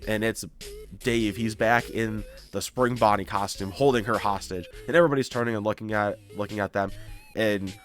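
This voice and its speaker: A YouTuber casually recapping a story, animated and acting out the characters' lines. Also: male voice, lowish voice, normal speed, soft background music.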